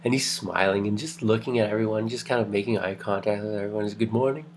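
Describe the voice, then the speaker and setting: Middle-aged guy lecturing, low gravelly voice, meanders a lot, faint hum in the back. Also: fairly even intonation, fast talker. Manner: rambling, restarts, lots of fillers. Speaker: university lecturer. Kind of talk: casual classroom lecture with anecdotes.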